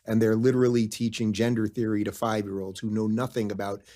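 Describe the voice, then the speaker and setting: A man speaking as a guest in an interview clip, earnest and halting, often restarting his sentences. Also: fairly low pitch, level tone, mellow. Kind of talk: conversational interview.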